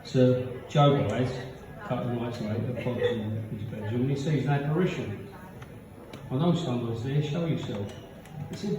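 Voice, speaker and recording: At a comedy pub, a stand-up comedian speaks at normal speed in a medium-pitched voice, acting out characters as he lands punchy jokes for the live audience. The recording picks up background noise and comes across as roomy, distant and dull.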